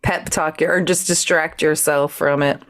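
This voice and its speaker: Woman, podcast co-host, somewhat low voice, casual chat, giggly, acts out quotes. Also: steady tone, moderate pace.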